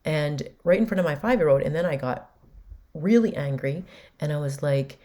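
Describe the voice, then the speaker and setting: A woman's voice: deep voice, moderate pace, warm tone. A woman host candidly recounting a personal story in a conversational way. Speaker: podcast host.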